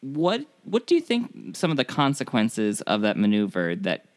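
Brief: chatty podcast host, smooth clear voice, prompting questions. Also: male voice, medium pitch, wildly swooping pitch, no room sound. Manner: questioning, laughs often, halting with fillers. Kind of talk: casual chat.

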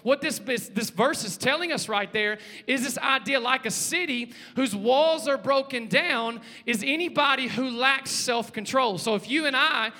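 A man, preaching a lively sermon, joking and calling out to the congregation. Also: extremely high pitch, normal speed, few pauses. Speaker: pastor. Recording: long hall reverb.

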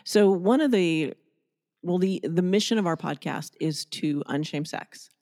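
A woman's voice: fairly low pitch, a little slow, dark tone. A woman co-hosting a casual podcast chat, frank and laughing often, her voice scratchy from a sore throat. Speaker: podcast co-host.

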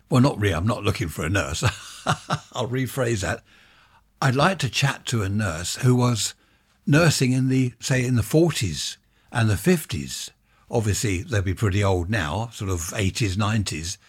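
An older man from England hosts his show alone, talking in a loose, wandering way and chuckling as he goes. His voice sits low with a husky, slightly rough edge. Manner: chatty, wandering, with chuckling asides. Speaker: podcast host. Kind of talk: rambling casual monologue.

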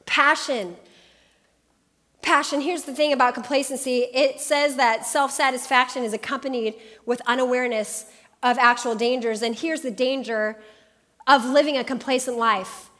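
A woman in her thirties preaching a sermon, telling a personal story with lively, animated quoted voices. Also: high-pitched, moderate pace. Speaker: pastor.

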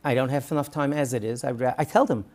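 A man's voice: medium pitch, quick pace. A man who is a rabbi, talking earnestly in an interview and often acting out the words of parents and coaches. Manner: earnest, animated, acts out parents and coaches in quoted speech. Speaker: rabbi and guest. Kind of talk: conversational interview.

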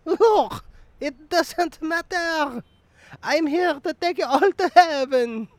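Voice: high-pitched, big pitch swings, takes it slowly, no room sound, heavily acted. A performer voicing a male Jesus figure who keeps cutting in with exasperated protests. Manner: keeps interrupting with "oi", pleading.

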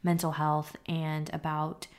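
A woman's voice: sits low, monotone, takes it slowly. A young woman hosting her own podcast, talking openly and casually about her life, with the odd swear word. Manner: open, confessional, casual with swearing. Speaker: podcast host. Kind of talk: candid solo podcast talk.

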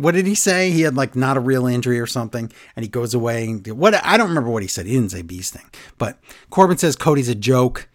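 A man's voice: medium pitch, expressive, moderate pace, dry recording, clean studio sound. A man in casual chat, animatedly retelling events and quoting people in funny voices. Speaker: podcast co-host recapping wrestling.

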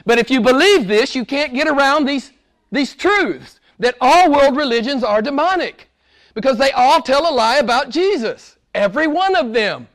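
High-voiced emphatic male preacher. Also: expressive, moderate pace. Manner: emphatic, repetitive, swinging from low and quiet to high and loud. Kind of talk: sermon.

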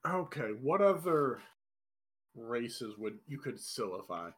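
A man's voice: mid-range voice, very animated, slow, fairly bright tone, slightly rough. A man co-hosting a podcast, chatting casually and laughing along with the others. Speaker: podcast co-host. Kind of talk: casual comedic chat.

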